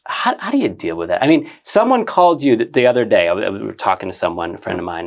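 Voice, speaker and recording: A man hosting a podcast interview, asking questions in an animated way, stammering and retelling conversations. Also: lowish voice, fast, gravelly, hardly any pauses. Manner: animated storyteller, stammers, quotes others. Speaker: podcast host.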